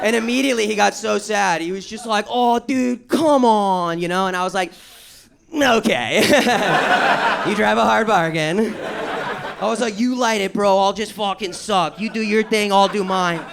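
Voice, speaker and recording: High, gravelly stand-up comic guy. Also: moderate pace. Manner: excitable, swearing, acts out his own panic in a raised voice. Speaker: stand-up comedian. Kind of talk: stand-up comedy set. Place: comedy show with a live audience. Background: audience laughter.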